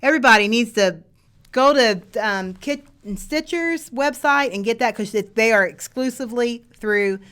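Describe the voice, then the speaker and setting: A woman hosting a casual live chat, excited and gushing. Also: a little high, normal speed, smooth. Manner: gushing, excited, laughs easily. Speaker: host.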